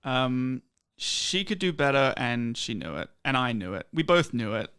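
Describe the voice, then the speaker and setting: A man's voice: medium pitch, very animated, measured pace, fairly bright tone, clean tone. A young man telling a dating story in a casual, self-deprecating way, full of fillers. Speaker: guest.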